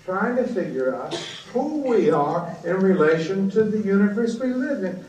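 A man giving an animated, blunt storytelling speech at a book conference. He swings from low asides to loud shouted outbursts. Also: normal speed, recorded from a distance, lo-fi sound, a little hiss or hum. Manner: blunt and profane. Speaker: guest speaker at a book conference. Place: conference hall. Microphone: PA system taped from the audience on a cassette recorder. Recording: echoey hall, taped from the audience on cassette.

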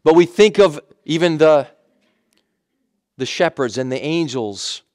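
Man, pastor, sermon, conversational, repeats for emphasis, slightly high voice, dry sound. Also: lively intonation, measured pace, darkish tone, no echo. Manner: conversational, self-correcting, emphatic repetition.

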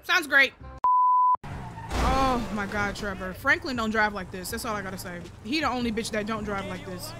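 A woman doing casual let's-play commentary, loud and playful, swearing often and talking to viewers and the game characters. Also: mid-range voice, moderate pace. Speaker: gaming streamer. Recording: game audio and music behind.

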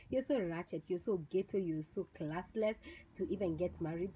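A woman's voice: medium pitch, fairly quick, mellow, slightly rough, low-quality recording. A young woman with a Kenyan accent giving a blunt, scornful review on her vlog channel, mixing in Swahili slang. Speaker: vlogger reviewing a TV show. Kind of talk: casual opinionated review.

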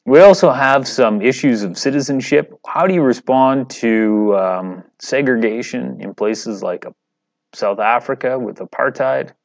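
A man's voice: medium pitch, a little slow, vocal fry, no room sound. A man teaching a class, lecturing over slides in a conversational, digressive way and putting questions to his students.

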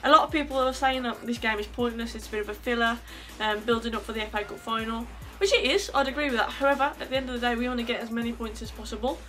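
A British woman hosting a football fan video, a little hoarse from being ill, chatty and upbeat. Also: fairly high pitch, fast talker, hardly any pauses, sharp tone, soft background music. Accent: British English. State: hoarse from illness. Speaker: podcast host.

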